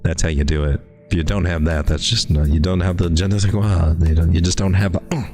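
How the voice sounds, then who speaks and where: A man's voice: low-pitched, steady tone, fast talker, darkish tone, soft background music. A man hosting a live crypto stream, talking through charts in a folksy, rambling way with lots of restarts. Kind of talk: casual live market commentary.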